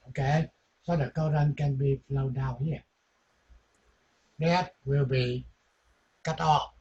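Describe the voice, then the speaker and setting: Slow-speaking male electronics teacher. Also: a little high, lo-fi sound. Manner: halting, repeats short phrases, non-native grammar. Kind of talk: classroom lecture.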